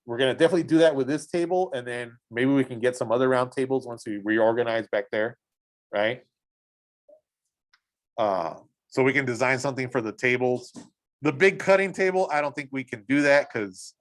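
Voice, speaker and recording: An eager male teacher talks a class through pictures in a school art room. His voice sits at an ordinary middle pitch. He keeps pausing to admire things and to check that the students are following. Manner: enthusiastic, exclaims over images and keeps checking in with "right?". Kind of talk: casual classroom instruction while browsing images.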